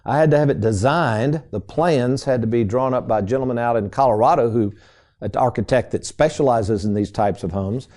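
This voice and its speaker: Middle-aged male radio host, folksy storyteller, mellow warm tone, studio mic. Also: medium pitch, fairly quick. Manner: folksy, addresses listeners as folks. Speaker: radio show host and financial advisor. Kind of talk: casual storytelling radio talk.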